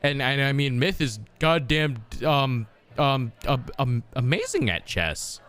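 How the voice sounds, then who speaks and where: A man's voice: medium pitch, expressive, measured pace, a bit bright, clear, resonant tone. A young man streaming a game, chatting casually, crude and exasperated, swearing a lot.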